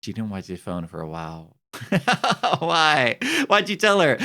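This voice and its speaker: A man streaming a video game, chatting casually and getting excitable, his voice jumping up when amused. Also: a little slow. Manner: excitable, jumps high when amused or surprised. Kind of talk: casual live-stream chat while playing a game.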